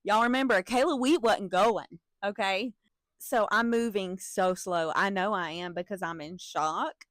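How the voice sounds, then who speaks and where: A young woman telling a story from her school days in an animated, profane manner, with laughing asides to her viewers. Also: medium pitch, unhurried, no echo, clean studio sound. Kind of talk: casual storytime vlog.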